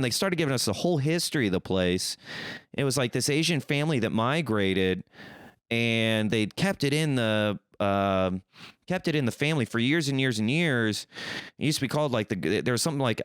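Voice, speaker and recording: A man's voice: mid-range voice, smooth, no echo, studio quality. A man hosting a podcast, telling a casual story and acting out the dialogue, swearing freely. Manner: animated, acts out quoted dialogue, swears freely. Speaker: podcast host.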